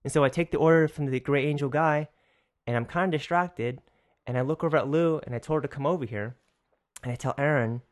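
A male podcast host telling a casual, rambling story in an animated way, swearing freely and often restarting his sentences. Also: on the high side, brisk.

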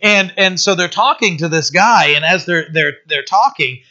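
A man gives an informal Bible teaching, talking it through plainly and often tossing in "right?". His voice sits a little high and sounds bright and forceful. The recording is dull and lo-fi. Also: expressive, normal speed. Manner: conversational, often asking "right?". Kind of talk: casual verse-by-verse Bible teaching.

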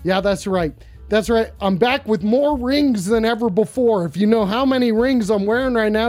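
Excitable, swearing live-stream host. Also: mid-range voice, moderate pace, no echo, soft background music. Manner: excitable, swears constantly, bursts into shouting. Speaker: live stream host taking phone calls. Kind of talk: loud, profane casual stream chat.

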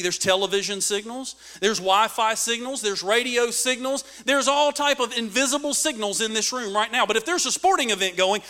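High, bright-voiced preacher man. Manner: dynamic preaching, swings between loud emphatic lines and hushed asides. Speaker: pastor. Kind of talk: sermon.

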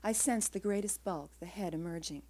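During a live reading, an author shares her own first-person prose in a calm, hushed, measured manner. Her voice sits on the low side.

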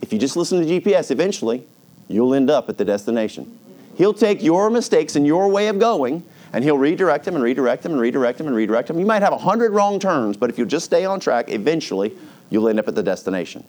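A man's voice: on the high side, sing-song, quick pace, a little mellow. A middle-aged man preaching a sermon as pastor, telling stories and acting out the people in them with big swings of voice.

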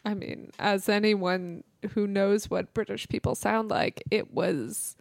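A woman's voice: medium pitch, steady tone, slow pace, vocal fry, no echo. Chatty woman with dry, close sound. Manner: chatty, wry asides. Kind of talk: casual movie review chat.

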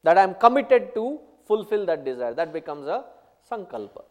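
A man giving a spiritual talk, telling stories and explaining terms one by one in an unhurried way. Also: sits high, very animated, a little mellow, long reverb tail, highs cut off. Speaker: spiritual teacher. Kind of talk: spiritual discourse with anecdotes.

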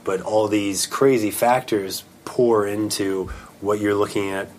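Deep flat-voiced man, faint background hum. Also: measured pace. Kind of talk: casual podcast chat.

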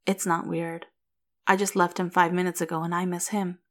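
A woman voicing a soft-spoken, wry young father who speaks gently and tentatively. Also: on the low side, level tone, normal speed, natural voice. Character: worried young father, man in his thirties, wry.

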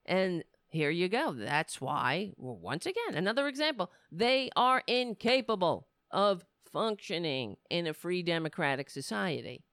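A woman's voice: fairly low pitch, very animated, measured pace, hardly any pauses, a bit bright, no echo, studio quality. A woman commentator delivering an indignant, sarcastic rant. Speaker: political commentator.

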